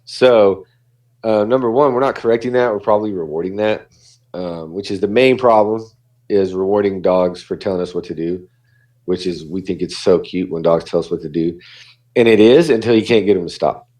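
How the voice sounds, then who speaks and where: A man's voice: low voice, moderate pace, darkish tone. A man, a dog behaviorist, talking casually on a podcast and acting out what dogs and people say.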